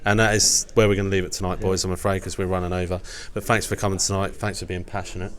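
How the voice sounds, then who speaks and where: Low-voiced English host wrapping up. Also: male voice, little pitch movement, fast talker, fairly bright tone. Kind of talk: fan podcast sign-off.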